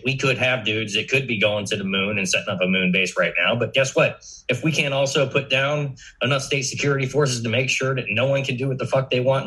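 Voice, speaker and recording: A man's voice: mid-range voice, sharp tone, rough recording. A man talking as a guest in a casual podcast chat, loose and profane, his sentences padded with "you know" fillers.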